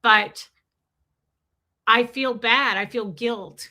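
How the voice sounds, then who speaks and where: A woman's voice: on the high side, drawn-out words, pushed and bright. A woman hosting a casual livestream, answering viewers in a candid, blunt way and swearing freely. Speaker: livestream host.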